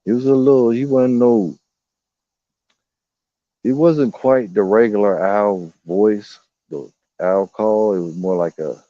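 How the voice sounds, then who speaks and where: A man's voice: lowish voice, slow pace, dry recording, muffled recording. Profane rambling man telling outdoor stories. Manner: rambling, profane, animated storytelling, voices animals. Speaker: vlogger. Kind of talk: casual storytelling vlog. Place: outdoors in woods.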